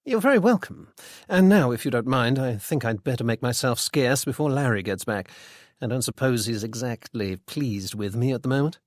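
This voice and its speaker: A man reading a polite young gentleman sleuth. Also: mid-range voice, animated, no echo, studio quality, lightly acted. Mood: polite, apologetic. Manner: courteous and apologetic, brisk.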